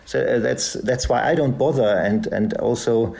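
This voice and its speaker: Gravelly German man, hesitant. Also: medium pitch, moderate pace, darkish tone. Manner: hesitant, many fillers and restarts. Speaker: guest, journalist and author. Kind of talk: conversational interview answers. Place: podcast recording.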